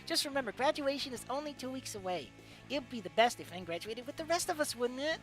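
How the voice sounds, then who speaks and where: A man's voice: very high-pitched, animated, quick pace, a bit bright, soft background music, voice pushed up. A man voicing a bubbly, fake-sweet teenage girl classmate in a story he reads aloud, with a sugary, chirpy manner. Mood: sweetly pushy.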